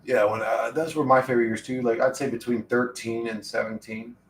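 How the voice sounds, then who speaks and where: A man's voice: mid-range voice, steady tone, fairly quick, a little hiss or hum. Rambling, profane young streamer guy. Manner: rambling, profane, laid-back. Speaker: livestreamer. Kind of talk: casual stream chat. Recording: echoey room, distant mic.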